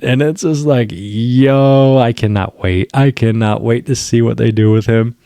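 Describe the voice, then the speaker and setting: A man giving a casual spoken review of a TV episode, excited and rambling, with slang and swearing. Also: mid-range voice, normal speed, gravelly, few pauses, no room sound, studio quality.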